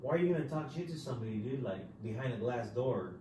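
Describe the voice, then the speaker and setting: A man's voice: mid-range voice, lively intonation, quick pace. A male podcast host in casual chat, laid-back and profane, tacking "dude" onto nearly every phrase. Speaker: podcast host telling prison stories. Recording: roomy echo, voice far from the mic, faint ambient hiss.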